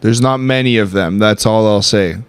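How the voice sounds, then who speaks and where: A man's voice: fairly low pitch, moderate pace, clean tone. A man hosting a quiz among friends as narrator, speaking in a theatrical, mock-formal announcer manner. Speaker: quizmaster and narrator.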